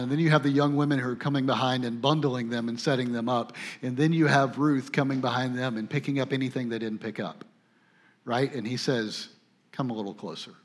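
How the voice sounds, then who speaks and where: A man preaching a sermon in a conversational way, with asides and restarts, who swings from emphatic points to soft, tender passages. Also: mid-range voice. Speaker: pastor.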